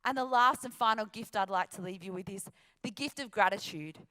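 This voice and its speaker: A woman's voice: medium pitch, fairly quick, pushed and bright. An Australian woman giving an emphatic, upbeat motivational talk from a stage before an audience. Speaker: motivational speaker.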